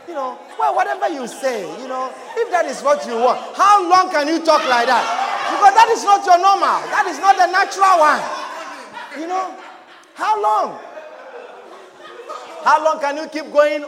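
High-voiced pastor preaching in hall. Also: male voice, a little slow. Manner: animated, often laughing and shouting, acts out quoted voices. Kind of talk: lively sermon. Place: church hall. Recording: echoey hall with crowd. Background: congregation.

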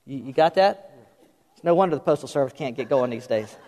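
A man's voice: medium pitch, lively intonation, brisk, mellow. A middle-aged man preaching a sermon as pastor, talking conversationally and directly to his congregation in a church. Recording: long hall reverb.

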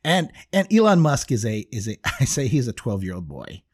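A man's voice: medium pitch, sing-song, moderate pace, breathy edge. A middle-aged man chatting casually as a podcast co-host, rambling with restarts and frequent laughs. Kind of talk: casual chat.

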